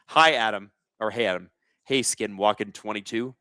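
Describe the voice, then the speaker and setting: A man's voice: on the low side, lively intonation, normal speed, sharp tone, dry recording. A man hosting a casual live sports watch-along, reading chat aloud and joking sarcastically, with plenty of swearing. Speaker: livestream host.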